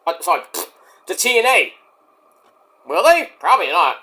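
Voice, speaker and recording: A man casually reviewing a wrestling show on his own, animated and excitable, breaking into high-pitched outbursts. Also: normal speed. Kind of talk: casual solo review vlog.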